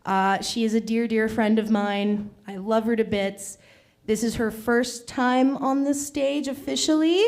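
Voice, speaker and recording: A woman's voice: a little high, fairly even intonation, a little slow, a little mellow. A young woman hosting an open mic comedy night, chatty and teasing the crowd between acts. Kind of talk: live stand-up hosting. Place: small comedy stage.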